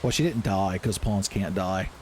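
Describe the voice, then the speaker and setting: A man giving loud, profane, joking commentary while playing a video game. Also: sits low, steady tone, moderate pace, slight background noise. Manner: loud, profane, jokey, yelling at enemies. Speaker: gaming streamer. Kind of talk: casual gameplay commentary. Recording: gameplay music behind voice.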